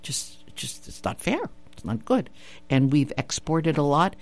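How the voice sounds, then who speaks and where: A woman's voice: low-pitched, very animated, a little slow, no echo. A woman hosting a radio talk show, chatting in an opinionated, emphatic way that repeats her points and asks the listener rhetorical questions. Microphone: studio radio mic.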